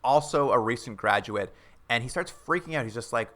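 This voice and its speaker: A man's voice: mid-range voice, lively intonation, fairly quick, few pauses, fairly bright tone. A man casually recapping a TV episode with a co-host, rambling and joking, acting out quotes in playful voices. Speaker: podcast co-host.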